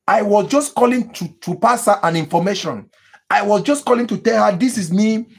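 A man preaching as a pastor, with emphatic repetitions, sudden high cries. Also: normal speed, gravelly, breathy edge. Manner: mimics people praying in tongues. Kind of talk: sermon.

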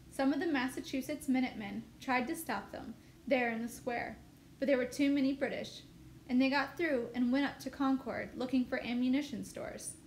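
A woman reading as an eager young soldier. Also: high voice. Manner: eager, rushed, quick-tempered. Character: excited proud young male soldier. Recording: echoey room, faint noise.

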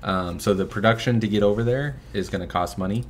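Deep-voiced young man, easygoing chat. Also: quick pace, a little hiss or hum. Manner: relaxed, filler-heavy, chuckles often. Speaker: filmmaker guest, son of host. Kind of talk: casual livestream fundraising chat.

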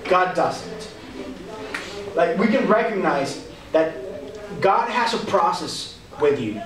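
Lively young youth pastor in an echoey hall. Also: male voice, high voice, slow, recorded from a distance. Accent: Texan. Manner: animated, conversational, acts out quotes. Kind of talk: youth sermon. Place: church hall. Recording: echoey hall, speaker off-mic. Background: audience answering now and then.

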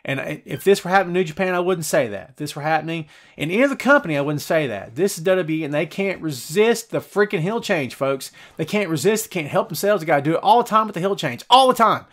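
A middle-aged man hosts a live show and talks straight to his viewers. His voice sits a little high, and he jokes, teases and gets animated as he reads out their comments. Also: fast talker. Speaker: podcast host. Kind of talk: live wrestling preview show, reading chat.

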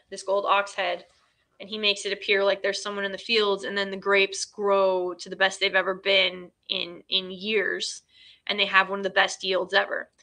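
A woman's voice: mid-range voice, sharp tone. A woman hosting a casual film recap, chatty and full of fillers, retelling scenes in quoted dialogue. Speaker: host.

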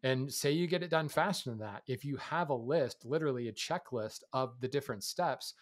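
Relaxed man explaining woodworking on a podcast. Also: mid-range voice, brisk. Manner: relaxed, explanatory, laughs easily. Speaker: podcast co-host and woodworking teacher. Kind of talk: casual podcast chat.

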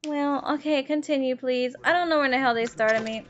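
A woman streamer giving casual, profane gameplay commentary, chatting with viewers and breaking into laughs and loud outbursts. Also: high voice. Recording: dull lo-fi stream audio with faint music.

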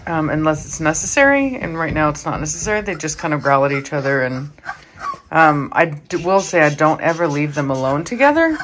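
Woman, dog channel host, tired, casual chat, lower pitch, lots of um. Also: animated, brisk, fairly bright tone, a little hiss or hum. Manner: chatty, with frequent "um" fillers. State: tired, early morning.

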